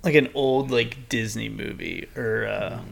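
A man co-hosting a podcast in casual chat, joking and quick to banter. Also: fairly low pitch, lively intonation, vocal fry, a little hiss or hum. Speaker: podcast co-host.

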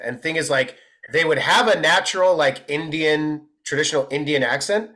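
A male comedian guest in casual conversation, telling animated stories and acting out quotes. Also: fairly high pitch, moderate pace, hardly any pauses. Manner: animated, acts out quotes in big voices. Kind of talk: casual storytelling chat.

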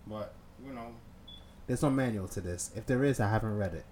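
A young man co-hosting a podcast in casual chat, relaxed and slangy, swearing freely. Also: on the low side, brisk, a little hiss or hum. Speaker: podcast co-host.

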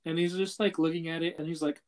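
A man's voice: a little high, little pitch movement, quick pace. A young man casually retelling a story to a friend, loose and full of swearing and filler words. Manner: loose and profane, heavy on filler "like" and "he's like".

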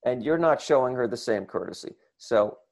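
A man telling a comic story to an audience, animated and acting out the people in it. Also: medium pitch, moderate pace, gravelly. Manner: animated, acts out voices and shouts in the retelling. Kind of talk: comic anecdote told to an audience.

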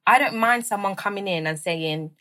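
A woman's voice: medium pitch, normal speed, fairly bright tone. A woman hosting a podcast, chatting casually and animatedly with slang. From United Kingdom. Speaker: podcast host. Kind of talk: casual chat.

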